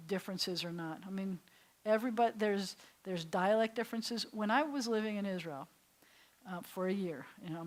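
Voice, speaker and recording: An older woman with a New York accent teaches a Hebrew class in a synagogue classroom. She talks in a chatty, meandering way, laughing easily, and her voice sits at a middle pitch.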